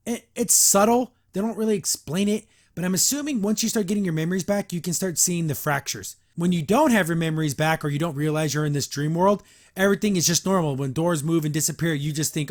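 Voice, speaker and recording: A man giving a casual reaction review of a cartoon episode, rambling and sarcastic as he recaps it. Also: high voice. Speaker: show reviewer.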